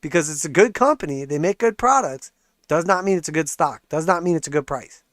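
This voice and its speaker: Male market livestream host, sarcastic ranter, slightly high voice, dry close mic. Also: lively intonation, brisk, a bit bright, dry recording. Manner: sarcastic, profane, laughs often. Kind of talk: ranting livestream commentary.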